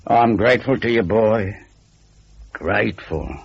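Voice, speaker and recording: A sinister old man speaks in slow, measured, dryly menacing words, as a male narrator puts him on. His voice is low and husky. The recording is dull and lo-fi. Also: no room sound, full character voice.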